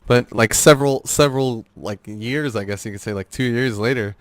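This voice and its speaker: A man's voice: mid-range voice, moderate pace, no room sound. A young man as a podcast guest, rambling through gaming stories with lots of fillers and restarts. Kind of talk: casual podcast interview.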